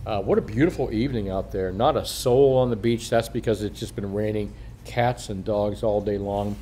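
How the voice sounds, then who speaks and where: A man's voice: fairly low pitch, moderate pace, warm tone, slight background noise. An older man, a coin shop owner, talking casually on a video in a rambling, profane way, chuckling and slurring a little through a missing front tooth.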